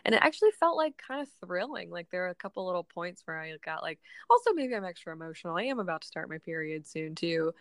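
A woman's voice: fairly low pitch, very animated, fast, hardly any pauses, dry recording. A young woman co-hosting a casual book chat, rambling and laughing often, her voice just recovering from being sick. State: voice recovering after illness. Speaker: podcast co-host.

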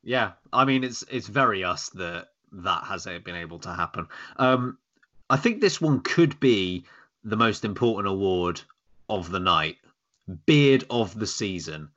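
Guy hosting a podcast, bouncy pitch, bright voice, kinda dull lo-fi sound, joking around. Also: unhurried. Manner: lively, joking, wry. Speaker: podcast host. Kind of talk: casual chat.

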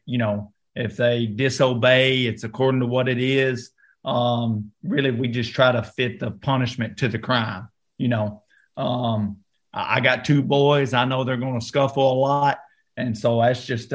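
Relaxed Southern American man. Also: medium pitch. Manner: relaxed, many fillers and restarts. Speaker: actor, podcast guest. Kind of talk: interview, casual talk.

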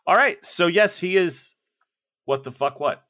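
A man's voice: sits high, a little slow, bright, forceful tone. Upbeat male game master. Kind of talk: narrating a tabletop game.

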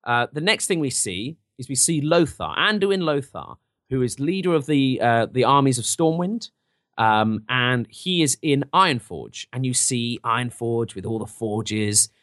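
Animated man retelling a film, bright voice. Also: medium pitch, dry recording, clean studio sound. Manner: animated storyteller, acting out scenes in quick put-on voices. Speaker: podcast host recapping a film. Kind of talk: casual chat.

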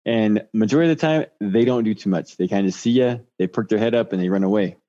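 A man's voice: lowish voice, fast talker, warm tone. Laid-back man with a dull, lo-fi sound. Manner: laid-back, rambling with fillers. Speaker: guest recounting a cougar encounter. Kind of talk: casual interview.

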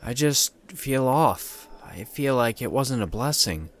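A man voicing an anxious young man who is spooked and pleading, speaking in an uneasy, low-key way. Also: lively intonation, slow.

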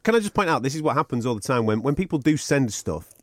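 A cheeky man hosts a podcast in loose, swearing banter, forever teasing his co-host. His voice sits in an ordinary middle pitch. The sound is dry and close. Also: big pitch swings, quick pace, no room sound. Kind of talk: casual banter.

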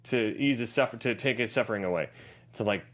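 A man's voice: fairly low pitch, fast talker. A man in his thirties co-hosting a casual movie podcast, joking and trying out silly voices. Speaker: podcast co-host.

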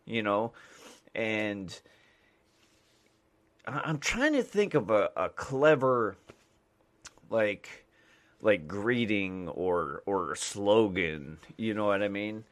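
Low-voiced rambling man, lively pitch. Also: slow, pauses often. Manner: rambling, full of fillers and restarts. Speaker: podcast host, mailman. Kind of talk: rambling casual podcast talk.

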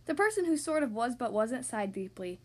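A woman reads a picture book aloud to young children in a high voice. Her storytelling is gentle and expressive. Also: brisk. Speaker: podcast host reading to kids.

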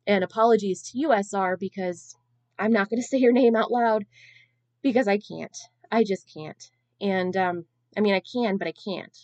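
A woman's voice: mid-range voice, normal speed, darkish tone, dry recording. A woman in her thirties hosting a podcast alone, telling a long-winded, self-deprecating story in a casual, chatty way. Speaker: podcast host.

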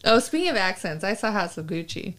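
A woman's voice: medium pitch, sing-song, fairly quick, fairly bright tone. Opinionated woman chatting about films. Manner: opinionated, knowledgeable film talk. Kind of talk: casual chat.

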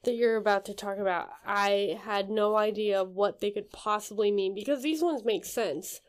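A woman's voice: mid-range voice, moderate pace, clear, resonant tone. A young woman with a lisp, co-hosting a casual podcast with chatty, joking asides. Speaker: podcast co-host.

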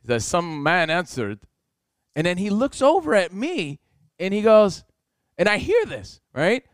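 Animated man telling a story. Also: sits high, moderate pace, no room sound, studio quality. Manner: animated, acts out voices, swears. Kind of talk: casual storytelling chat.

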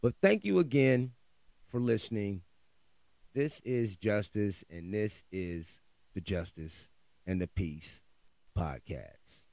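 A man's voice: lowish voice, lively intonation, slow, vocal fry, long pauses, a little mellow, dry recording. A middle-aged man, hosting his own podcast and ranting with heated, profane exasperation. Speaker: podcast host. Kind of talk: solo podcast rant.

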